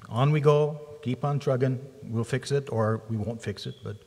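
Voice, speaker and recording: A man's voice: mid-range voice, moderate pace, a little mellow. A man giving a lighthearted, rambling speech at a church retirement lunch, often correcting himself as he goes. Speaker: church volunteer running the camera and live stream. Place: church hall. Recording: long reverb of a hall.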